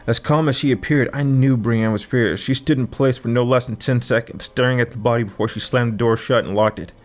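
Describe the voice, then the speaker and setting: A man's voice: medium pitch, fairly even intonation, fairly quick. A man narrating a first-person thriller audiobook with vivid, dramatic storytelling.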